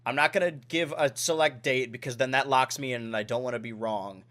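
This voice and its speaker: A man's voice: mid-range voice, a little fast, fairly bright tone. A man in his twenties hosting a casual podcast, rambling and correcting himself, with lots of "like". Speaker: podcast host.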